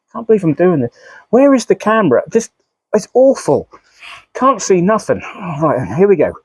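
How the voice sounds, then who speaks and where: A man's voice: sits high, a little mellow, no echo. A man, a model railway YouTuber, chatting casually in a rambling, self-mocking way with frequent sighs. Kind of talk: casual vlog chat.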